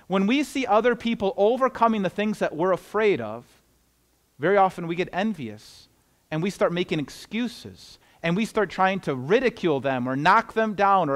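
A man's voice: high voice, animated, normal speed. A man preaching an earnest, conversational sermon as a pastor, often restarting and repeating words.

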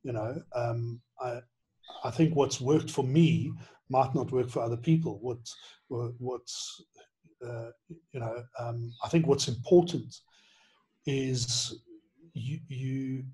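A middle-aged man, a former headmaster and author, reflecting in an interview with many pauses and restarts. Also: medium pitch, mellow. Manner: halting, many restarts, earnest and emotional.

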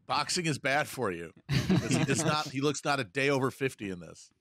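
A man's voice: medium pitch, expressive, normal speed, fairly bright tone, no room sound. A man co-hosting a podcast, tossing off wry asides in casual chat. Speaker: podcast co-host. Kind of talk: casual film-discussion chat.

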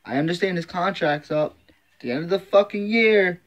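A man's voice: high voice, moderate pace. Angry, profane male sports fan ranting. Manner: frustrated, profane, repetitive ranting.

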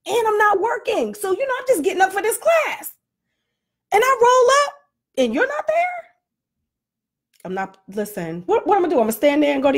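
High-voiced woman ranting with laughs. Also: brisk, long pauses. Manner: animated, self-deprecating, laughs often. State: flushed and winded from workout. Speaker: vlogger. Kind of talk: casual comedic rant to camera.

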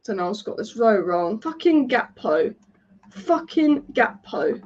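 A woman's voice: fairly high pitch, big pitch swings, slow, a little mellow. A woman reacting live to a football match as a fan, exasperated and swearing, repeating her complaints. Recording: dull lo-fi audio.

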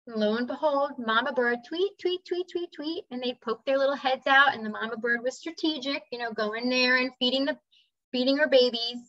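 A woman's voice: high-pitched, steady tone, fairly quick, fairly bright tone, no room sound. A woman sharing a personal story in a casual, earnest talk, now and then acting out voices and bird sounds. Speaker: spiritual speaker. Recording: slightly dull dry recording.

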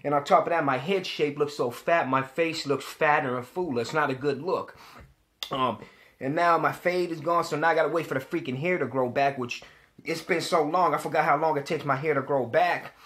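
Young guy ranting on camera, kinda high voice, swears a lot, keeps repeating himself. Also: fairly quick. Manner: animated, profane, repeats himself when worked up. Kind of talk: casual storytelling to camera.

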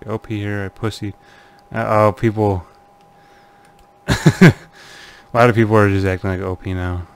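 A man's voice: on the low side, flat delivery, a little fast, smooth. A man casually commenting on forum posts he reads aloud, laughing nervously and muttering uneasily. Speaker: channel host.

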